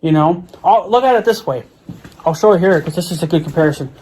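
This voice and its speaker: A man's voice: a little high, fast, a little mellow, slight background noise. A middle-aged man ranting casually on his vlog, swearing often and stumbling over his words. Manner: profane, exasperated, repeats himself and stumbles over words. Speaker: vlogger. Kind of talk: casual angry rant. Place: at home, near his mower and four-wheeler.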